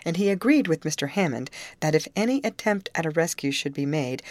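A woman reading a novel aloud in calm, even storytelling. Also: low-pitched, dry recording. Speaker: audiobook narrator. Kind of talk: scripted narration.

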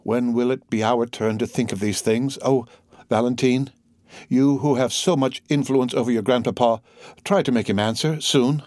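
A man's voice: mid-range voice, fairly even intonation, moderate pace, darkish tone, dry recording, studio quality, voice pushed up, lightly acted. A man voicing an eager young man in love who pleads urgently in an audiobook reading.

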